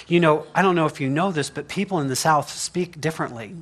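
Pastor, male, slightly higher voice, folksy humorous sermon delivery with frequent laughs and rhetorical "right?". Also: fairly quick, noisy background. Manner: chatty and humorous, laughs often, asks "right?". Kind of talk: conversational sermon. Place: church sanctuary.

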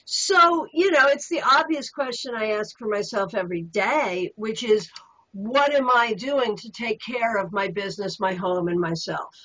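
A woman's voice: fairly high pitch, measured pace, fairly bright tone. Upbeat female tarot show host, lo-fi. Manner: affirming, enthusiastic interviewer. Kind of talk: casual chat about tarot. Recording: dull lo-fi audio.

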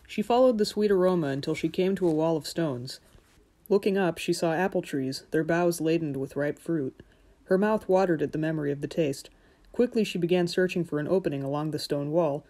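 Lady reading a fairy tale audiobook, calm and gentle, steady pace. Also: low-pitched. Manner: measured, gentle storytelling. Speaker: audiobook narrator.

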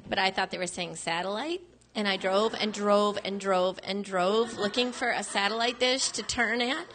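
A woman from Michigan doing stand-up, telling stories in a boastful, animated way. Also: medium pitch, a little hiss or hum. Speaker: stand-up comic. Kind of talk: stand-up set.

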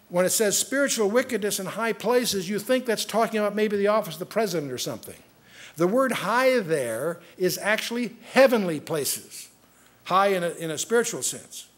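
A man with a fairly high voice teaches a Bible study. He speaks earnestly, often restarting his sentences, and lifts his voice for emphasis when he reads scripture aloud.

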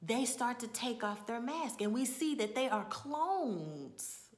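A woman's voice: on the high side, lively intonation, slow pace. A woman casually recapping a television episode in a conversational storytelling way, with side remarks and occasional drops to a whisper. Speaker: TV episode reviewer.

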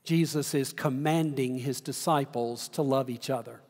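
A middle-aged man preaching a sermon as pastor, telling stories slowly with dramatic pauses. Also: medium pitch, darkish tone. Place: large church sanctuary. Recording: long church reverb.

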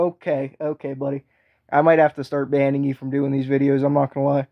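A man's voice: mid-range voice, level tone, a little fast, dull audio. A man hosting a casual fantasy football chat, talking hesitantly with lots of ums and restarts. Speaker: host.

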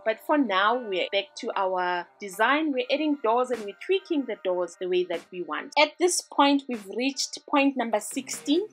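Chatty woman doing a design tutorial voiceover, bit breathy, upbeat, faint music under it. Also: mid-range voice, fairly bright tone. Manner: upbeat, chatty, walks through steps. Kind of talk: screen-recording tutorial voice-over.

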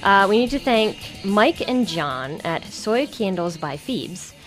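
A woman's voice: medium pitch, big pitch swings, takes it slowly, faint music behind. A woman co-hosting a casual podcast, giggly and rambling, with many fillers. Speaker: podcast co-host.

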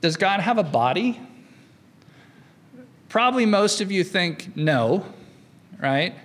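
A middle-aged man gives a conversational university philosophy lecture, often slipping "right?" between thoughts to check in with his audience. His high, slightly bright voice swings widely in pitch at a slow pace, with the long reverb of a lecture hall around it.

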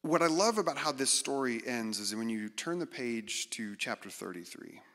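A middle-aged man giving a conversational, animated sermon as guest speaker, acting out quotes with self-deprecating humor. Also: medium pitch, normal speed. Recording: reverberant hall.

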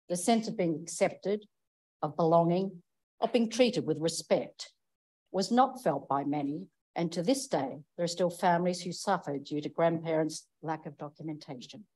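A woman councillor giving a prepared, measured and earnest speech in a council chamber. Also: fairly low pitch, a little mellow, poor audio.

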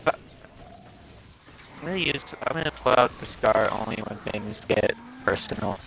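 A man's voice: fairly low pitch, moderate pace, vocal fry, fairly bright tone, slight background noise, rough recording. A man streaming a co-op game, chatting casually and swearing freely. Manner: profane, laid-back banter. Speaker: streamer playing a co-op shooter. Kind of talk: casual gaming chat.

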